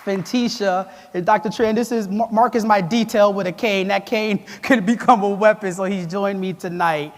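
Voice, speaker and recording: A man in his thirties giving an energetic keynote speech, animated and chatty, joking at his own expense and calling out to the audience. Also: sits high, normal speed, few pauses. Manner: animated, chatty, self-deprecating, with audience call-outs. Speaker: keynote speaker. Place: large event hall. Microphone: lapel mic. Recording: long hall reverb.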